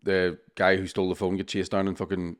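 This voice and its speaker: A man, co-hosting a podcast in relaxed, swear-filled banter. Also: low-pitched, a little fast. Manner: laid-back banter, frequent "aye" backchannels, swearing. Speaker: podcast co-host. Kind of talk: casual chat.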